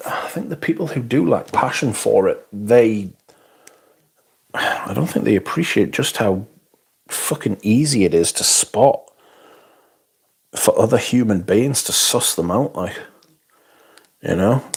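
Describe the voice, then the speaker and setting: A man's voice: on the low side, animated, a little slow, vocal fry, pauses often, breathy edge. A middle-aged man, hosting a livestream in a loose, rambling, swear-heavy chat and reading out viewer comments. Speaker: livestream host.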